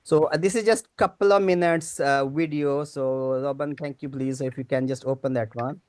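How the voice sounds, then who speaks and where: A man's voice: medium pitch, fairly even intonation, moderate pace, darkish tone. A man giving a teaching-day lecture, talking hesitantly with many fillers. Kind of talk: conference lecture.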